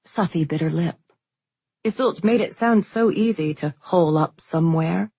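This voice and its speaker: A woman narrating a fantasy novel as an audiobook, in steady, unhurried storytelling. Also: on the low side, gravelly, breathy edge, dry recording.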